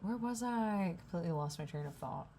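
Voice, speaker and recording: Low-voiced hungover woman vlogging, animated. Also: quick pace, a little hiss or hum. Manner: rambling, profane, self-deprecating. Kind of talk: candid confessional vlog. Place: coffee shop.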